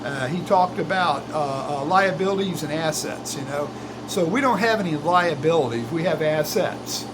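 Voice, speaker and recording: Next to an old truck in his workshop, a retired older man rambles about his plans, folksy and wandering, often restarting and using fillers. He speaks at a moderate pace in a slightly high voice against a noisy background.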